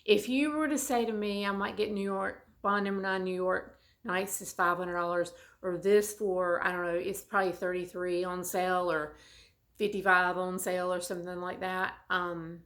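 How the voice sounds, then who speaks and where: A woman's voice: fairly low pitch, flat delivery, moderate pace, fairly bright tone. A woman vlogger with a Southern US accent, talking casually and rambling with frequent restarts as she shows things to the camera. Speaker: beauty vlogger. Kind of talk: casual chat.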